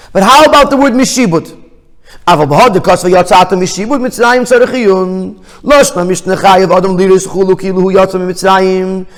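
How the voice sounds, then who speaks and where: A man's voice: high voice, long reverb tail. A man teaching as a rabbi. He reads out phrases of a text, then explains them plainly, often restarting his sentences. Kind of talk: text study lesson.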